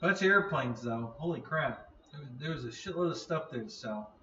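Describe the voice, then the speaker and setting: A man's voice: fairly high pitch, expressive, moderate pace, pushed and bright, roomy sound, far from the mic, dull audio, a little hiss or hum. A man hosting a casual live stream, chatting in a rambling way, laughing often and yawning.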